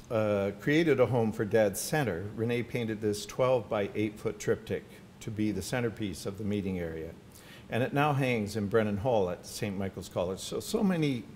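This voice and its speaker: A man's voice: on the low side, slight background noise. An older man giving an anecdotal talk about his family to an audience at a podium microphone. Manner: warm anecdotal storytelling with asides. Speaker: featured speaker at a symposium. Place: university hall with audience.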